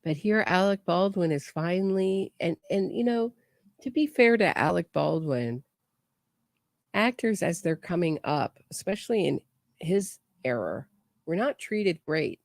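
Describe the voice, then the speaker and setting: A woman's voice: lowish voice, animated, unhurried, no room sound. Woman, true crime commentator, chatty, restarts sentences, dry close sound. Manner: chatty, restarts and trails off mid-thought. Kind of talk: casual commentary on trial footage.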